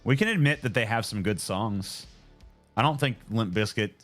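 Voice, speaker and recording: A man's voice: fairly low pitch, animated, normal speed, fairly bright tone, faint music behind. A man in his twenties chatting casually on a live stream, joking and swearing as he answers viewers. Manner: joking, profane, laid-back.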